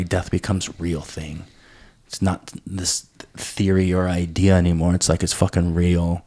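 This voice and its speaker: A man's voice: low voice, mellow. A man hosting a casual interview, speaking frankly and reflectively, with some swearing. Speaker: podcast host.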